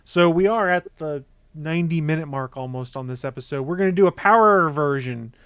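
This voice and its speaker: A man's voice: on the high side, brisk, fairly bright tone, clean tone, no echo, studio quality. A man hosting a podcast, reading network plugs and segment intros in an upbeat, announcer-like way. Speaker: podcast host.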